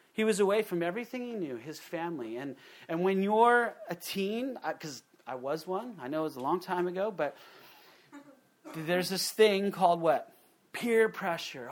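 A middle-aged man preaches from the pulpit in a lively, animated way. He slips into little voices for the quotes he acts out, and his voice sits a little higher than most men's. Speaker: pastor. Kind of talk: sermon.

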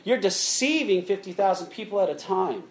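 A man's voice: high-pitched, animated, normal speed, a little hiss or hum. A middle-aged man preaching a sermon in a conversational way, often checking in with "okay?" and addressing listeners as "guys.". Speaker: pastor.

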